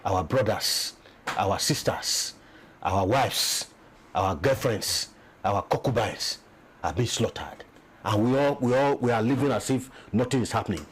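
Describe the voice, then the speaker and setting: The interview guest, a peace commission official with a Nigerian English accent, argues his political views passionately and emphatically, building points through repetition. He speaks a little slowly in a lowish, husky voice with lively intonation, on a rough recording.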